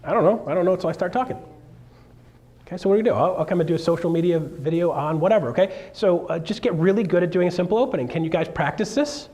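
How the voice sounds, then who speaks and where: A man coaching a live seminar audience in an animated, jokey way, acting out quotes in a raised voice. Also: high-pitched, fast. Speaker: real estate coach. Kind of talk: energetic seminar talk.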